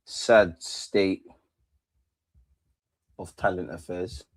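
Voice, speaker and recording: A man hosting a live football watch-along, swearing a lot, muttering to himself and shouting at goals. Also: low voice, steady tone, very slow. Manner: mutters quietly to himself between outbursts.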